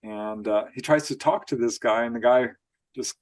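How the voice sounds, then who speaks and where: Guy telling weird stories, laughs a lot, acts out the quotes, middle pitch. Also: normal speed. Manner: animated storyteller, laughs often, acts out quotes. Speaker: author guest. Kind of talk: storytelling interview.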